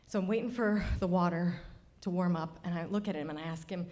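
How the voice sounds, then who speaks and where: A woman's voice: on the low side, lively intonation, fast talker, a little mellow. A woman telling a true story on stage before a live audience, wry and confiding. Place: stage of a cultural center.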